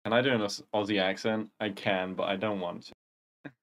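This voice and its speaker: Young man, gravelly, lowish voice, rambling casual stream chat, gamer slang. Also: fairly even intonation, normal speed, a bit bright. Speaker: livestream host.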